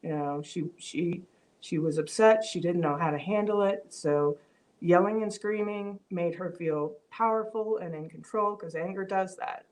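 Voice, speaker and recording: A woman's voice: fairly low pitch, measured pace, darkish tone. A woman hosting a live-stream vlog, talking reflectively with frequent fillers and restarts, reading viewer comments aloud. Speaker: vlog host. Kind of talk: casual live-stream talk.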